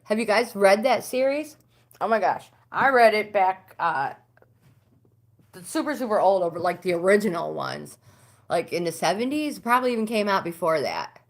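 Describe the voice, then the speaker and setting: A middle-aged American woman hosting a casual livestream, chatting with viewers and answering their comments. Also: moderate pace. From United States. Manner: chatty, talks back to comments, pitch swings up when animated. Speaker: livestream host.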